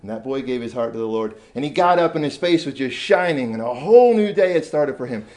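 A man telling a story to a room of teachers, animated and shifting between loud emphasis and quiet asides. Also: mid-range voice, fast. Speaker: speaker addressing teachers. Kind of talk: storytelling talk to an audience.

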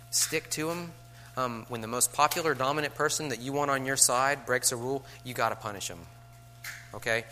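Bright male workshop speaker, joking, casual, plays out student lines. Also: medium pitch, a little hiss or hum. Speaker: teacher giving a workshop to teachers. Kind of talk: casual lecture.

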